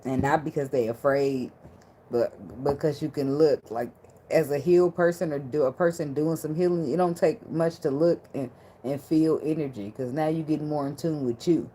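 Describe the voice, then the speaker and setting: Low-voiced, blunt woman reading tarot. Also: normal speed, dark tone, a little hiss or hum. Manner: blunt and profane, laughs a lot; loose, conversational slang. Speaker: tarot reader.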